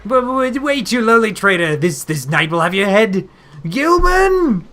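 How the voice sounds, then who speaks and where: A man's voice: lively intonation, moderate pace, sharp tone. A man voicing a furious, haughty male knight commander in a video game, who stammers and blusters when enraged. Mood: sputtering. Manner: shrill, blustering, stammers in rage.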